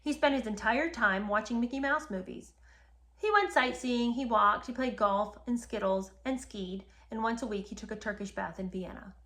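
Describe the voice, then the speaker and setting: A woman's voice: on the high side, moderate pace, a bit bright. A woman hosting a history podcast, retelling events and reacting with indignation while talking straight to her listeners. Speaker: podcast host. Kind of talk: animated history commentary.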